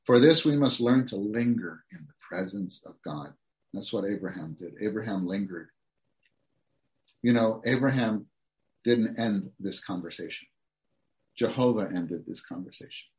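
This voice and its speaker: A man's voice: lowish voice, animated, normal speed, a little mellow. Earnest male preacher reading sermon notes. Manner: reads outline points aloud, then expounds earnestly to the congregation.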